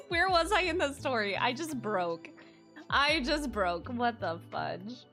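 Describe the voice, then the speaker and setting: A young woman streamer chatting casually with her viewers, excitable and quick to squeal minced oaths. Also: on the high side, faint music behind. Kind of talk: casual live-stream chat.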